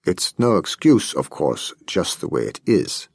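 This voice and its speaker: A man reading an audiobook voices a weary, melancholy Soviet intelligence officer who speaks in a calm, measured, wry way. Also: deep voice, vocal fry, husky, no echo, clean studio sound, exaggerated voice.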